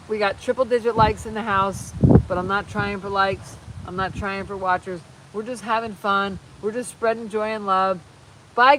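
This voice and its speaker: A woman's voice: fairly high pitch, bright, forceful tone. Rambling woman streaming live, far from the mic. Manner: rambling, chatty, reads viewer comments aloud. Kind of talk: casual live stream chat. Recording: distant mic with faint background noise.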